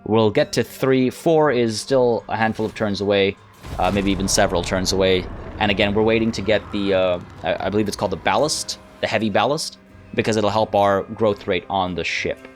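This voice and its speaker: A man's voice: fairly low pitch, steady tone, a little fast, soft background music. Man musing through a strategy game. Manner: thinks aloud, hesitant and musing. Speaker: let's play host. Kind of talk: gameplay commentary.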